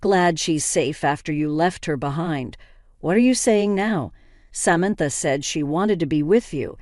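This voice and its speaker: A woman's voice: deep voice, expressive, a little slow, darkish tone, no room sound, clean studio sound. A woman voicing a guilty, defensive husband in a storybook drama, in her own plain reading voice. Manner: evasive, defensive. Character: guilty, defensive husband and father, adult man.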